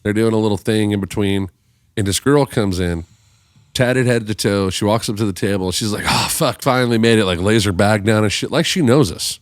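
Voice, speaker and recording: A man's voice: lowish voice, normal speed, no echo, studio quality. A man telling a long story in a casual podcast chat, swearing freely and acting out the voices of the people he quotes. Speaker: podcast guest musician.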